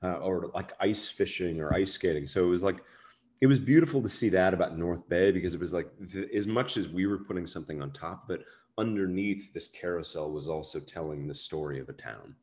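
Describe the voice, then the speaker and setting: A man's voice: deep voice, fairly quick, a little mellow. A man, an actor, chatting casually in an interview, rambling and self-deprecating with many fillers. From United States. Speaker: actor guest.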